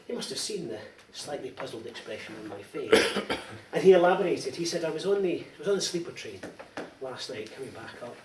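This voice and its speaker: A middle-aged Scottish man delivers a teasing after-dinner comic speech in a large dining hall, spinning lively anecdotes at a fairly quick clip with hardly any pauses. His voice sits at a medium pitch. The recording is echoey, captured from a distant mic with background noise.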